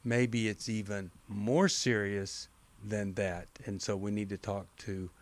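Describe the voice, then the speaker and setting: A man hosting a call-in advice show, calm and measured, coaching a caller slowly and deliberately. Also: lowish voice. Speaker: radio show host.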